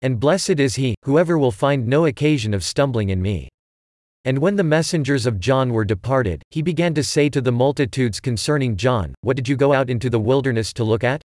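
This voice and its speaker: A man giving a steady, measured scripted reading of scripture. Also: medium pitch, no echo, clean studio sound. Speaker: scripture reader.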